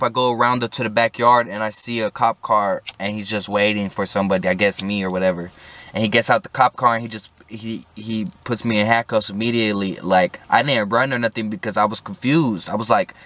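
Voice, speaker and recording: A man's voice: medium pitch, pushed and bright, dry recording. A young man telling a rambling personal story to his viewers, full of slang and swearing, acting out what people said in a raised voice. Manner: rambling, slangy, swears and then apologizes, acts out quotes with a raised voice. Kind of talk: casual storytelling to camera.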